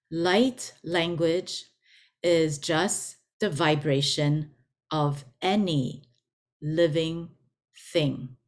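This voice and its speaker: Brief: female spiritual teacher, unhurried, repeats words for emphasis, informal lesson. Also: deep voice, a little mellow.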